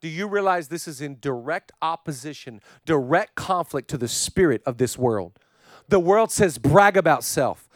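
A male pastor preaching with a high, bright-pitched voice, building phrases in repeated rhythmic runs. He swings between ringing declarations and soft, near-whispered reflection. The sound is dry and close, with no room around it. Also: lively intonation, moderate pace, no echo. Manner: passionate preaching with rhythmic repetition, swinging from loud to hushed. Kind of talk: sermon.

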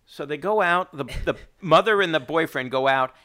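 A middle-aged man recapping a movie in casual chat, rambling and halting, restarting his sentences often. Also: on the high side, bright, forceful tone.

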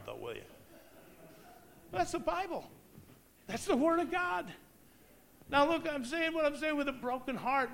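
A man preaching an impassioned sermon, reading scripture slowly and emphatically and swinging from loud proclamation to hushed storytelling. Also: sits high.

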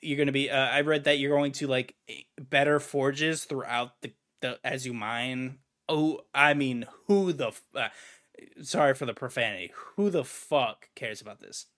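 A man's voice: mid-range voice, moderate pace, fairly bright tone. A man co-hosting a casual gaming podcast, ranting in an exasperated way and swearing now and then. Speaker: podcast co-host.

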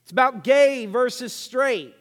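High-voiced preacher in an echoing hall. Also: male voice, a little slow. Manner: animated, swinging between hushed asides and loud emphatic lines. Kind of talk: sermon. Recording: reverberant hall.

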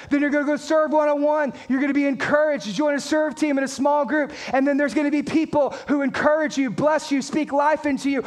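A man preaching a sermon as pastor, energetic and conversational, asking the congregation questions and reading scripture aloud. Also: extremely high pitch.

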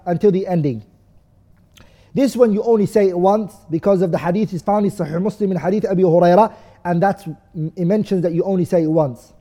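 In a large hall with long reverb, a male course teacher works through texts, quizzing the class and supplying the answers himself while reciting fixed phrases in a foreign language. He speaks at an ordinary pace with a high, dark-toned voice.

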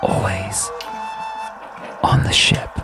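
A man voicing a frail, sarcastic female mineral spirit in whispered role-play, with a thin, breathy voice that sounds weak and wheezing. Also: drawn-out words, over music. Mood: faint, failing.

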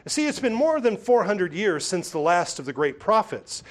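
A man's voice: high-pitched, very animated, moderate pace. A middle-aged man preaching a sermon in a church, emphatic and full of rhetorical questions, often repeating his words. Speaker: pastor.

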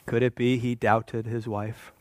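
A man's voice: mid-range voice, level tone, a little slow, darkish tone. A man preaching a sermon in a church, with a conversational, wry manner that teases the congregation. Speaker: pastor.

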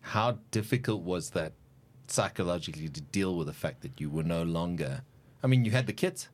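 Lower-voiced male interviewer, enthusiastic. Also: expressive. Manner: enthusiastic, laughs along, quick interjections. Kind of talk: conversational interview.

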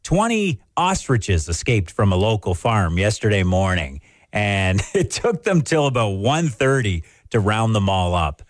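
A man co-hosting a radio show, trading quick, wisecracking asides in casual banter. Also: lowish voice, very animated, no echo, studio quality.

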